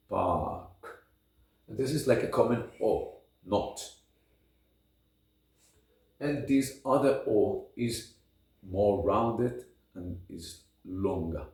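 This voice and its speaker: A man teaches pronunciation at a very slow, careful pace, stretching out each model word. His voice sits a little low. He is heard from a distance in a very echoey room. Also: a little mellow. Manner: slow, deliberate, drawing out example sounds. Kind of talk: phonetics lesson with model words.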